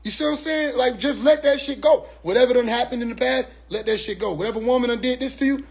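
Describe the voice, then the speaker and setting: Male commentator with a high voice, loose and blunt, keeps looping back to check you follow. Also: quick pace, creaky. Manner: rambling, repeats "you see what I'm saying"; blunt, profane street talk. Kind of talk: casual monologue commentary.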